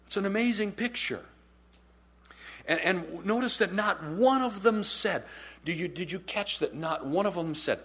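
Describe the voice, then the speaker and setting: Husky-voiced male pastor preaching. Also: sits high, measured pace. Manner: animated storytelling, acts out quotes in character; conversational, repeats phrases for emphasis. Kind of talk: sermon.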